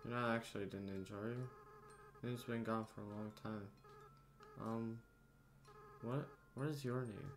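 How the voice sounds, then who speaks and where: A man reading out the lines of a young goat-monster boy in a game, soft and halting, as if choked up with regret. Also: fairly low pitch, steady tone, close to an everyday voice. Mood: remorseful. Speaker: gamer reading game dialogue aloud. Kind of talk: dramatic reading of game dialogue.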